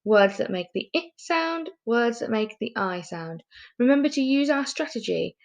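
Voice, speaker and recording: A woman teaching a recorded phonics lesson to young children, sounding out words patiently and asking gentle teacherly questions. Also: on the high side, lively intonation, moderate pace, creaky, lo-fi sound. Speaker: primary school teacher.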